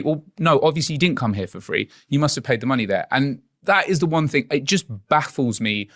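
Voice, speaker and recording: Earnest male guest, mid-pitched, probing, plain conversation. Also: lively intonation, fairly quick, fairly bright tone, no room sound, clean studio sound. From England. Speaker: guest investigator. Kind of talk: conversational interview.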